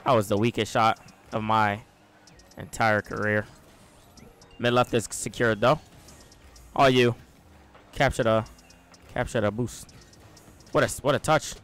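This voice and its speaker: Man, live gameplay commentary, slow steady talk, short excited bursts and yells, faint music behind. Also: lowish voice. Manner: excitable play-by-play, sudden loud yells. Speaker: gaming YouTuber.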